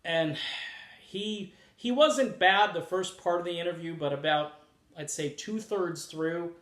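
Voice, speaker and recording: A man's voice: measured pace, a bit bright. A man hosting a music commentary channel, talking casually and with opinions, and adding sarcastic asides. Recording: echoey room with faint rumble.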